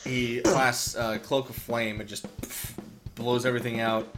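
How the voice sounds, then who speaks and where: A man's voice: mid-range voice, flat delivery, measured pace, music in the background. A young man narrating as game master in a loose, rambling way full of fillers.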